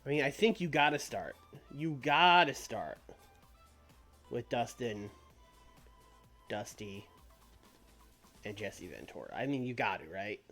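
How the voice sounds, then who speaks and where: Rambling streamer with soft music behind. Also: male voice, mid-range voice, lively intonation, slow, long pauses. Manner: rambling, many fillers. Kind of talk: casual game commentary.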